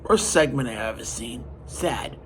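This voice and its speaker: A man hosting a podcast, retelling a story in an animated, emphatic way. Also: mid-range voice, measured pace, slight background noise. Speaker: podcast host. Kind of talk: casual storytelling.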